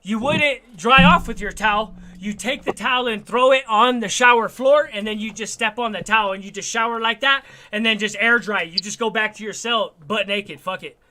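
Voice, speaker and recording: A man's voice: high-pitched, normal speed, few pauses. A man telling streetwise stories in a casual, swearing chat. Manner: streetwise, swearing, animated storyteller.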